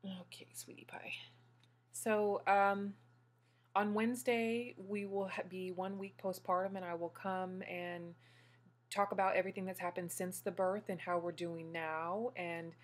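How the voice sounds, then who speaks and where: A woman's voice: medium pitch, little pitch movement, a little slow. A woman vlogger and new mother talking casually to her viewers, gushing and emotional.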